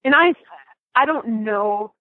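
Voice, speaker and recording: A young woman telling a story in a casual interview, animated and emotional, with many restarts and laughs. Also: on the high side, slow pace. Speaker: guest. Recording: dry, tinny phone-like line.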